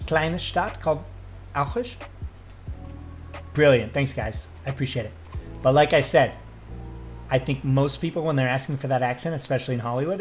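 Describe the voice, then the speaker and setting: A young man who works as a streamer and voice actor chats casually with his live chat, his voice at medium pitch. He is excitable, swears freely and drifts off into tangents.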